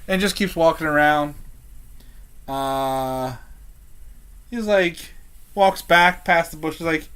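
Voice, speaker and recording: A tabletop game master narrating a session at an unhurried, slow pace. The speech is halting and loose, full of fillers and pauses while deciding what happens next. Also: mid-range voice, a bit bright, smooth.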